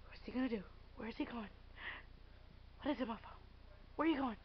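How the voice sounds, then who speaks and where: High-voiced woman cooing at her cat. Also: brisk, a little hiss or hum. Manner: cooing baby talk to a cat. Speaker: cat owner filming her pet. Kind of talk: playful home video talk to a pet. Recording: dull lo-fi home camera audio.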